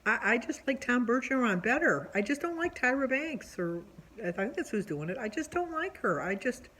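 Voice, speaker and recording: A woman's voice: a little high, sing-song, normal speed, fairly bright tone, poor audio. Woman rambling cheerfully through a home diary vlog, casual, lots of ums, faint room noise. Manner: chatty, rambling, with many fillers. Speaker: vlogger.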